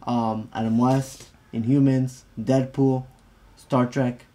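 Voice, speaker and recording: A man's voice: mid-range voice, little pitch movement, slow pace, mellow. A man co-hosting a podcast in casual, loose and joking chat. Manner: loose and joking, with fillers and laughs. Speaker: podcast co-host.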